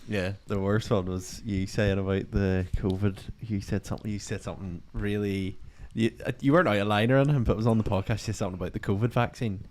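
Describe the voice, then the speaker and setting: Podcast host, low voice. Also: male voice, fast talker, hardly any pauses, a little mellow. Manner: anecdotal, laughing along. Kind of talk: casual podcast chat.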